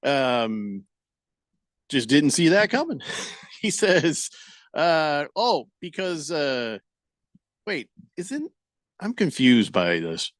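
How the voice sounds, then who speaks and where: A man's voice: on the high side, very animated, very slow, long pauses, dry recording. A man hosting a casual sports radio show, rambling and joking, often stumbling over words and acting out quoted voices. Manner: rambling, jokey, stammers and restarts; acts out quoted voices for laughs.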